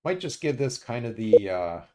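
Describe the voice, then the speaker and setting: A man streaming a strategy game, muttering his moves to himself and often pausing with uhs. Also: medium pitch, big pitch swings, over music. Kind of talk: casual let's-play commentary.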